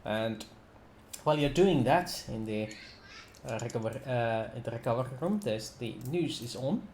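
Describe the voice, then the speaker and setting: A man's voice: medium pitch, expressive, normal speed, a little mellow, slight background noise. Laid-back male game master, echoey. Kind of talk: running a tabletop game session.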